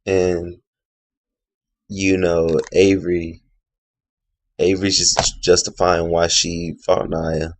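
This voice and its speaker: A man with a low, husky voice talks through a reality show episode in a casual video review. He rambles, airs strong opinions, and leans on filler words. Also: little pitch movement, slow, long pauses. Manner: rambling, opinionated, heavy on "you know" and "like".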